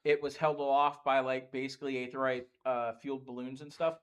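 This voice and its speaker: A man's voice: mid-range voice, little pitch movement, fairly quick, clean tone, dull audio. A man acting as dungeon master, chatting casually on a livestream in a game store and rambling through game lore with lots of fillers.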